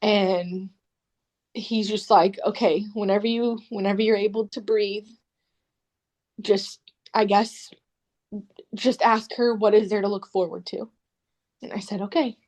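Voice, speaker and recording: A young woman telling her own story as a podcast guest, halting with fillers and restarts as she quotes what others said to her. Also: medium pitch, steady tone, darkish tone. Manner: emotional retelling, quoting others in dialogue. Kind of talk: personal story in an interview.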